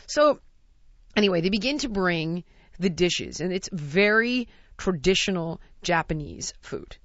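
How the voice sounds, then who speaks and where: An American woman telling a lively, laughing anecdote in casual chat. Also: on the low side, measured pace, no echo, highs cut off. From United States.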